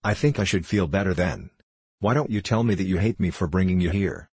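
A man's voice: sits low, a little fast, a little mellow, slightly rough, no echo. A man reading as a gloomy, proud elder sister. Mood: reproachful. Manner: reproachful, weary.

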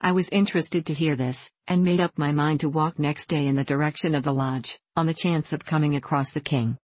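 A woman narrating a classic novel as an audiobook in measured, even storytelling. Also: deep voice, no room sound, rough recording.

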